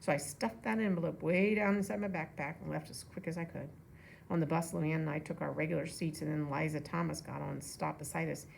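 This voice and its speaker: Woman reader, low gravelly voice, relaxed storybook reading with asides. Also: a little fast, slight background noise. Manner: relaxed, with casual asides to listeners. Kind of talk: reading a children's novel aloud.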